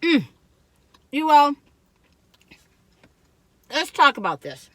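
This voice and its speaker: A woman's voice: high voice, sing-song, drawn-out words, fairly bright tone, no echo. Chatty older woman vlogger. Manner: chatty and rambling, acts out quoted voices. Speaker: food reviewer vlogger. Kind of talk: casual storytelling chat to camera.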